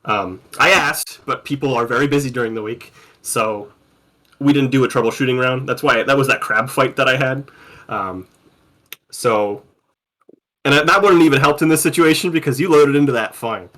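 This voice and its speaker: A man's voice: mid-range voice, normal speed, fairly bright tone. A man running a tabletop game as game master, talking casually in rambling sentences with many restarts and the odd swear.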